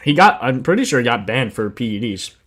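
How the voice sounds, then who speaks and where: A man's voice: mid-range voice, very animated, fairly quick, a bit bright. A man hosting a sports betting livestream in casual chat, laid-back and slangy, sleepy after just waking up, reading stats aloud and answering chat.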